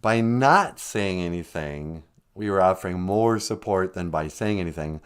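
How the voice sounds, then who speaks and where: A man's voice: low-pitched, animated, normal speed, smooth. A man hosting a podcast in casual, jokey chat, teasing his co-host and greeting listeners. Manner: jokey, teasing, calls people sweetie.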